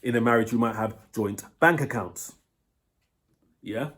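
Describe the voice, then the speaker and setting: A British man talks through dating advice in a loose, blunt monologue, swearing freely. He keeps checking in with the listener as he goes, at an ordinary, middle pitch. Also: unhurried, a bit bright.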